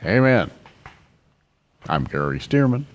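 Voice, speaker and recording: A man hosting an interview, speaking haltingly with frequent fillers as he wraps it up. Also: medium pitch, very animated. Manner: halting, filler-heavy phrasing. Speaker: host.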